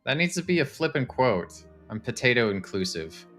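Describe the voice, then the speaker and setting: A man, casually chatting to his live-stream viewers while touring game houses, excitable and talkative. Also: mid-range voice, moderate pace, soft background music. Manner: chatty, excitable, talks to chat.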